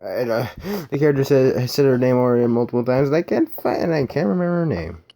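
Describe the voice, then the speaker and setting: A man's voice: mid-range voice, lively intonation, quick pace, mellow. A man playing a video game, casually commenting and muttering self-deprecating remarks to himself. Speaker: let's play gamer. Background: game music.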